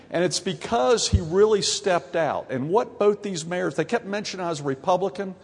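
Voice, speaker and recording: A man's voice: high-pitched, very animated, normal speed, few pauses, slightly rough. A middle-aged man with a Southern US accent, a mayor giving a folksy, joking conference speech. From grew up in Ohio and North Carolina. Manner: folksy, joking, gets louder and more emphatic. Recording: long hall reverb.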